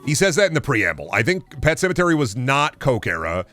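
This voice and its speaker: A young man streams a game and chats casually, launching into animated, profane rants with plenty of swearing. His medium-pitched voice runs a little fast, with faint music behind him.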